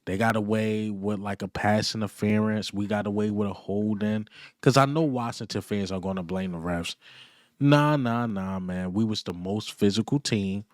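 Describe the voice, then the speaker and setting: A man giving a casual, excited fan reaction rant, boastful and full of repeated punchlines and trash talk. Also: on the low side, normal speed, dry recording, studio quality. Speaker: sports fan vlogger.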